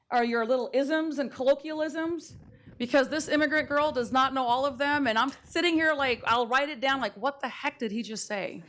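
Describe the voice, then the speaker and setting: A woman's voice: sits high, a bit bright. A middle-aged woman mayor giving a heartfelt farewell tribute in a city council chamber, speaking close to tears into a dais microphone.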